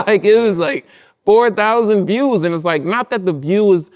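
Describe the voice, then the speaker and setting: A young man in a casual interview, telling animated stories full of slang and acting out what people said to him. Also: sits high, unhurried. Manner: animated storytelling, acts out quotes with slang. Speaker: guest, content creator.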